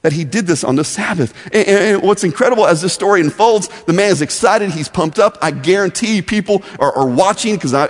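A man teaching a Bible lesson as a story, animated and often repeating words as he starts. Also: a little high. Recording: long echoey hall reverb.

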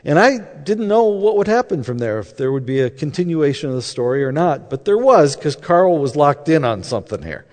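A man's voice: a little high, big pitch swings, a little fast, hardly any pauses, darkish tone. A man telling a faith story in a conversational way, acting out the dialogue as he goes. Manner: conversational, acts out quoted dialogue. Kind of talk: anecdotal storytelling talk. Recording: long hall reverb.

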